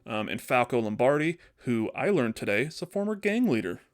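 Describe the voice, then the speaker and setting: A man casually telling a story on a podcast, animated and acting out the characters as he goes. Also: mid-range voice, fairly quick. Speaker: podcast host.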